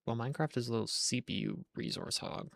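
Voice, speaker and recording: A man's voice: medium pitch, huge pitch swings, fast talker, vocal fry, dry recording. A young man rambling through casual, jokey gameplay commentary on a live stream, chatting to his viewers from home on a desk mic.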